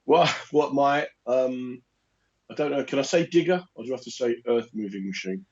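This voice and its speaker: A man co-hosting a casual chat, telling animated stories and acting out other people's lines. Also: mid-range voice, normal speed. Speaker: podcast co-host. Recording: muffled lo-fi recording.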